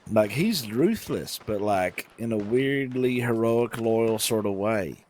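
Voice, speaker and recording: Male roleplay streamer, lowish voice, loose rambly storyteller, faint background hiss. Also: lively intonation, slow, a little mellow. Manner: rambling, filler-heavy storytelling. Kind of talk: casual in-character chat.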